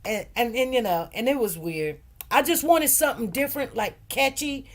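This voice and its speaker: A woman with a somewhat high voice chats casually on a livestream. She rambles and loops back over her points in loose, informal grammar. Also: animated, normal speed. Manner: chatty, rambling, repeats phrases. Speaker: livestream host and food truck owner.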